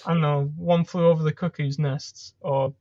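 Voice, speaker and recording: A man's voice: on the high side, fairly even intonation, normal speed, a little mellow, no echo, muffled recording. A man co-hosting a casual faith-based podcast, joking and self-mocking while stumbling over his words. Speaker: podcast co-host.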